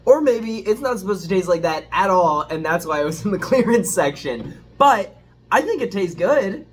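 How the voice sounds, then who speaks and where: A man reviews food in a casual home vlog, rambling, hesitant, and self-deprecating as he searches for words. His voice is high-pitched, with a bit of hiss or hum and a dishwasher running behind him.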